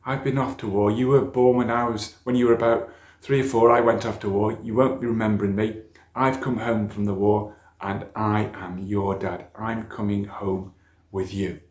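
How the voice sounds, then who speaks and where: Kind soldier dad back from war, gentle and slow, storytelling voice played by a man, echoey church. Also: on the low side, steady tone, lightly acted. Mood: tender. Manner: gentle, slow and tender when revealing himself. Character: kind young soldier father returning from war.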